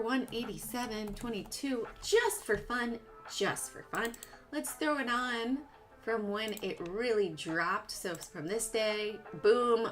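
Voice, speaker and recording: A woman hosting a live stock trading stream, chatting casually and playfully with viewers while she works through her charts. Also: mid-range voice. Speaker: livestream stock trading host. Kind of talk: casual live market commentary. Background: music.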